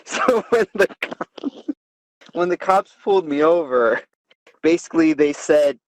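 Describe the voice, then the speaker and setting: A man's voice: a little high, animated, measured pace, pauses often, no room sound, low-quality recording. A man hosting a comedy podcast, telling a crude story in a rambling, profane way and laughing as he goes. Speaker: podcast host.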